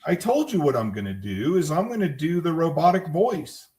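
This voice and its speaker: A man's voice: on the high side, sing-song, normal speed, darkish tone. A man co-hosting a podcast, chatting casually and making fun of himself. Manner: joking, self-mocking. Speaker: podcast co-host. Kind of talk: casual chat.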